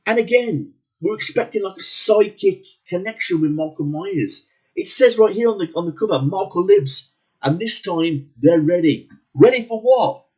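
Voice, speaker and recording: A man's voice: high-pitched, animated, normal speed, a little mellow, breathy edge, rough recording. A man ranting angrily about a movie as a reviewer, swearing constantly and repeating words for emphasis. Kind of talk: angry profane movie rant.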